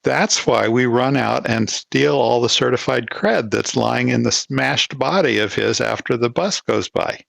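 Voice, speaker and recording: A man chatting as a player in a tabletop game, blunt and direct. His mid-pitched voice has a gravelly edge, and it is recorded dry with no room around it. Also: fairly bright tone, no echo. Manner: blunt, quick to correct. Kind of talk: casual tabletop game chat.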